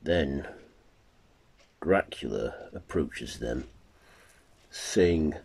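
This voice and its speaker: A man narrating an amateur horror fan story in a plain, halting way. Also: low-pitched, a little mellow, slightly rough. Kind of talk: amateur fan-fiction reading.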